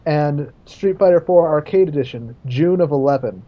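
A man co-hosting a casual gaming podcast, quick and matter-of-fact, reeling off dates and facts. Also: fairly high pitch. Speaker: podcast co-host. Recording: dull lo-fi mic.

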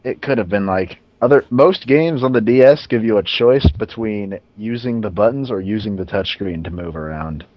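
Man, podcast co-host, low voice, hesitant, dull lo-fi, dry sound. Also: moderate pace, few pauses, no echo. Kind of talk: casual gaming podcast chat.

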